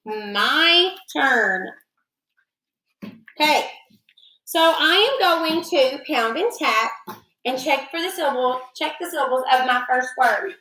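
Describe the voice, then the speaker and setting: A woman teacher giving a phonics lesson to young children, slow and patient, drawing out her words. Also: sits high, animated, sharp tone. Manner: patient, sing-song, slowly drawn-out words. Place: classroom with children. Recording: echoey classroom.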